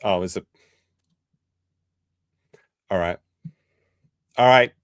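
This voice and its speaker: A man hosting a live-stream commentary show, casual and profane, mocking his subjects and often breaking into loud laughter. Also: low-pitched, very slow, smooth, dry recording, clean studio sound. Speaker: livestream commentary host.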